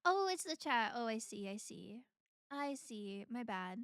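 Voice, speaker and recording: A woman streamer chats casually with her viewers and laughs a lot. Her voice is high and bright, and she talks at an easy, unhurried pace. The sound is dry and close. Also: sing-song, smooth, no echo. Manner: giggly, chatty, talks while eating.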